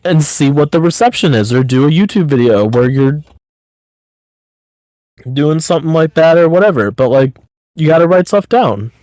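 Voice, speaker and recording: A man's voice: on the high side, animated, normal speed, long pauses, a little mellow, no room sound, rough recording. Blunt, swearing podcast co-host man. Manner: blunt, swearing, gives pep-talk advice. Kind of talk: casual podcast chat.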